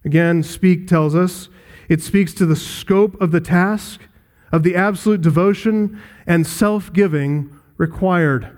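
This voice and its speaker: A man's voice: high-pitched, slow pace, darkish tone. A man pastor preaching an expository sermon, earnest, with rhetorical questions to the congregation.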